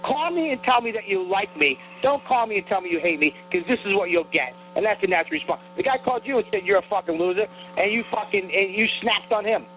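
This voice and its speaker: Profane, heated comic in tinny audio. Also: male voice, high voice, lively intonation, fast, hardly any pauses, a little hiss or hum. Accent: New York. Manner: profane, heated, self-described sensitive. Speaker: podcast co-host. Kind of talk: ranting comedy banter.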